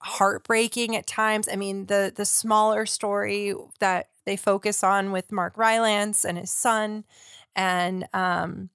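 Slow, gravelly-voiced woman co-host. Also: mid-range voice, flat delivery, a bit bright, no room sound, studio quality. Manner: thoughtful, searching for words. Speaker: podcast co-host. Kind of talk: casual film discussion.

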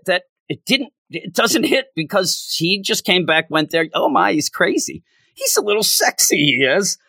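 A man giving a casual spoken comic book review, exasperated and often mocking the characters, his pitch jumping high when frustrated. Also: pushed and bright, dry recording.

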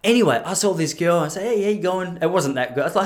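Racing along with few pauses, this podcast host in his thirties has a slightly high voice with lively intonation. He rambles in a chatty way, pokes fun at himself, and laughs at his own jokes.

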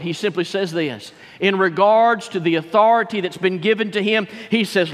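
A man's voice: high voice, moderate pace, hardly any pauses. A man, preaching a sermon as pastor with fervent, rising emphasis. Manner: fervent Southern preacher, rising to near-shouts. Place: church sanctuary. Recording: long church reverb.

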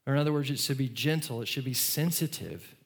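A middle-aged male pastor preaching a sermon in a conversational way, repeating words and swinging from loud to soft. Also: mid-range voice, quick pace, slightly rough.

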